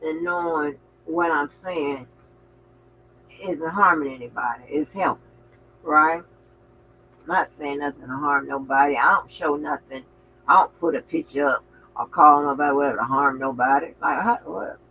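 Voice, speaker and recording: A man hosting a casual livestream, talking in an animated, outspoken way with frequent swearing and exclamations. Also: fairly high pitch, moderate pace, muffled recording, slight background noise. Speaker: channel host.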